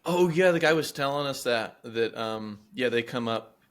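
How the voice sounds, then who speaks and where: Brief: young male podcast co-host spinning a loose, animated anecdote. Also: mid-range voice, moderate pace, smooth. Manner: animated, rambling with many fillers. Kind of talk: casual storytelling chat.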